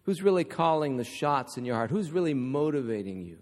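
A man's voice: on the high side, very animated, fairly quick. A man preaching a sermon, telling a story with rhetorical questions and humorous asides. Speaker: pastor. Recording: long reverb of a large hall.

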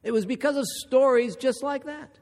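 A man from Ohio preaching a sermon, emphatic and building to forceful repeated lines. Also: very high voice, normal speed, big-room sound.

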